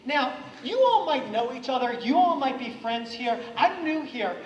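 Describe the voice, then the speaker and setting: A man giving an energetic anti-bullying talk to students at a school, getting the audience to repeat lines after him. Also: very high voice, normal speed, lo-fi sound, slight background noise. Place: school hall or classroom. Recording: echoey hall from far off.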